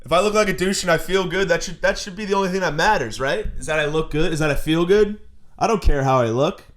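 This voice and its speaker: A young man hosts a podcast with a crude, sarcastic comedic monologue. He rambles and repeats himself for effect. His voice sits a little on the high side. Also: fast, fairly bright tone. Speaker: podcast host.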